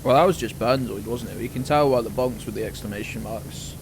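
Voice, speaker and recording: A man's voice: mid-range voice, fairly quick, noisy background. A man hosting a live game stream, joking and exclaiming as he reacts to chat. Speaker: streamer host.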